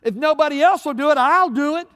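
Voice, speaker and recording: High-voiced preacher in a reverberant hall. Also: male voice, fast. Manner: preaching, swinging between loud peaks and hushed low passages; retells scripture stories with acted quotes. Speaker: pastor. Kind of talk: sermon.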